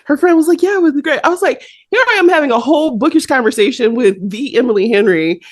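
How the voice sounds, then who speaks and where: A woman co-hosting a podcast, telling a story in a lively, animated way and laughing often. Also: high-pitched, quick pace, no room sound, studio quality. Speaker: podcast co-host. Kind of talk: casual chat.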